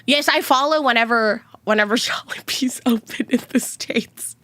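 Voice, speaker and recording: Bright-voiced young woman streamer rambling. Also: a little high, normal speed, no echo. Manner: rambling, chatty, swears freely. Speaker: VTuber streamer. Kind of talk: casual stream chat.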